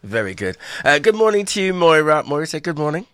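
Jokey lively-voiced radio host man. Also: on the high side, quick pace, dry recording, clean studio sound. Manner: jokey, laughs a lot, rambling. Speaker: radio breakfast show host. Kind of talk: chatty live radio talk. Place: radio studio.

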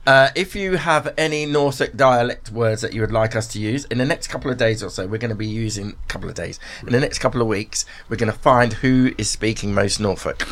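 A man's voice: mid-range voice, brisk, few pauses. A man presenting a morning radio show, chatting and joking with his co-hosts in the studio. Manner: chatty, jokey, animated. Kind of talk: casual studio chat. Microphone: studio microphone.

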